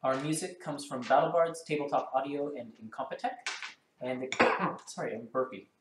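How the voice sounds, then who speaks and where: Man, dungeon master, quick chatty delivery, roomy echo, noisy background. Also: a little high. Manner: quick, chatty, with many ums and uhs. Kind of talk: hosting and narrating a tabletop game stream. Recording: roomy sound with clear background noise.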